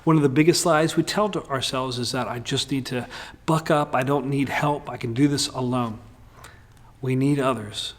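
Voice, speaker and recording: A male pastor preaching a sermon in a candid, humorous way with lively swings in delivery. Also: mid-range voice, moderate pace.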